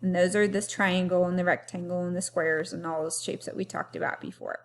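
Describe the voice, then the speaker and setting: A woman teacher giving a remote lesson to young children, talking clearly and having them repeat words after her. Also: lowish voice, steady tone. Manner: slow, clearly paced teacher talk with call-and-repeat.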